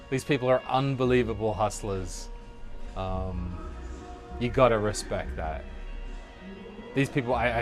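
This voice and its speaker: A young man hosting a comedy podcast, telling a rambling, sweary story in a loose monologue and jumping into high mock voices now and then, recorded outdoors on a city balcony on a portable recorder that is not studio quality. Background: faint music from the city.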